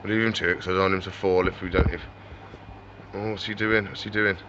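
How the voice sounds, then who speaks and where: A man's voice: deep voice, flat delivery, fast talker, lo-fi sound, noisy background. A man running a reptile shop, chatting casually on camera and talking to his animals. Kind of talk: casual vlog chat.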